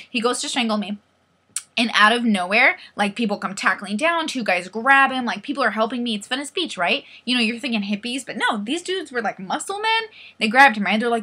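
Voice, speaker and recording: Bright, animated young woman telling a story. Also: on the high side, a little fast, husky. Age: 20s. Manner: animated, profane, acts out quoted voices. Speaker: vlogger. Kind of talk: comedic storytelling vlog.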